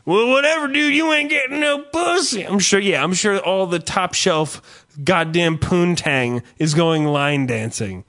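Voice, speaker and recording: A man's voice: high voice, a little slow, pushed and bright. A man hosting a podcast, trading crude jokes in casual banter. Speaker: podcast host.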